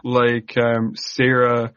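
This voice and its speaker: A man co-hosting a casual film podcast, sarcastic and quick to slip into mock voices for the characters. His voice is mid-pitched and close, with a dry sound. The recording is slightly muffled. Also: completely flat delivery, fairly bright tone, smooth, dry recording. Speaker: podcast co-host.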